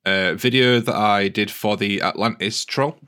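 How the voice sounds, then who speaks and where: A man's voice: lowish voice, moderate pace, bright, forceful tone, clean tone. A man co-hosting a casual podcast, telling stories in a chatty, self-deprecating way. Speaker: podcast co-host. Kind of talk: casual chat.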